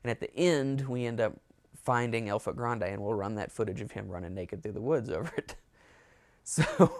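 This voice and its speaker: A man's voice: on the low side, lively intonation, moderate pace, darkish tone, dry recording, studio quality. A man telling a rambling, amused story in a casual storytime monologue. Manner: rambling, amused, with self-corrections. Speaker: storyteller, show host.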